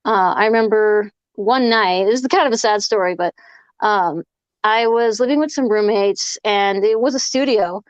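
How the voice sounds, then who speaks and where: A woman's voice: mid-range voice, normal speed, no room sound, lo-fi sound. A woman guest on a casual podcast, telling long rambling stories full of "like". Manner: rambling storyteller, many fillers of "like".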